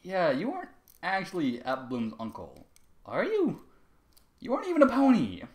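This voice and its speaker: A man's voice: on the high side, huge pitch swings, unhurried, echoey room, exaggerated voice. A man doing a blunt young filly.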